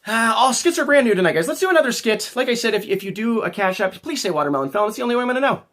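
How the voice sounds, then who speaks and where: A man's voice: very high-pitched, expressive, rapid-fire, a bit bright. A man hosting a casual livestream, rambling and joking as he talks back to his chat. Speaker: livestream host.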